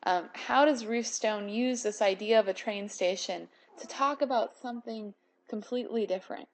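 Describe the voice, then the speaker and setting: A woman instructor giving a recorded poetry lecture, talking with many ums and restarts and reading poem lines aloud slowly. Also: on the high side, slight background noise. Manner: hesitant, many fillers and restarts. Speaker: college English instructor.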